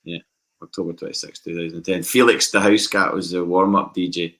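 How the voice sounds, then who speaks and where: A man with a Scottish accent telling lively anecdotes in a casual podcast chat. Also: sits low, fairly quick. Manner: animated anecdotes with acted quotes. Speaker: podcast guest.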